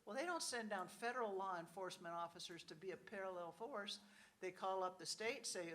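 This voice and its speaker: A woman speaking on a conference panel in a relaxed, conversational way. She often adds "you know" and drops into short acted-out voices for quoted officials. Her voice sits at a middle pitch for a woman. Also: a little fast. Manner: frequent "you know" asides. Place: conference hall.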